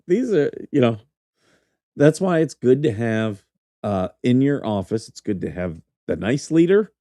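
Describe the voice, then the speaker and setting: A man's voice: medium pitch, mellow, no room sound, clean studio sound. A middle-aged man hosting a podcast, telling rambling, profane stories and laughing through them. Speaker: podcast host, former military officer. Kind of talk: casual storytelling chat.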